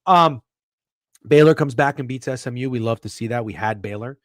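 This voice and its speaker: A man's voice: medium pitch, fairly quick, dry recording, clean studio sound. A man co-hosting a sports betting podcast in a casual, rambling way, swearing and getting worked up when he defends his takes. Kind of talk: casual chat.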